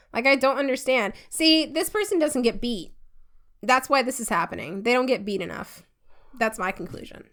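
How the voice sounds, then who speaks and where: A woman's voice: high voice, expressive, moderate pace, a bit bright. A woman in her twenties co-hosting a comedy podcast, telling stories in an emphatic, exasperated way. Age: 20s. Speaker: podcast co-host. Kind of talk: casual comedic chat.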